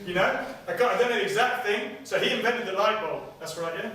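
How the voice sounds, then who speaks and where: A man, a personal trainer giving an energetic motivational seminar who keeps checking in with his audience. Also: high-pitched, fast. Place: seminar room with clients. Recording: very echoey room, distant mic, faint noise.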